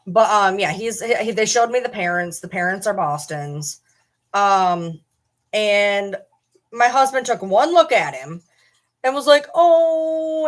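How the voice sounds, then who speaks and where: A woman's voice: fairly high pitch, a bit bright. A woman vlogging casually from home, rambling and swearing offhandedly while talking to her dogs. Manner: rambling, swears casually, talks to her dog mid-sentence. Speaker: channel host. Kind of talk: casual vlog chat.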